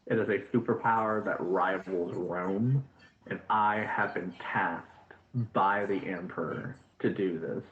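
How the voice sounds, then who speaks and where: Man doing a greedy old Roman master, sneering, condescending, lowish voice, dull echoey voice chat. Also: steady tone, a little slow, slight background noise. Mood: scheming.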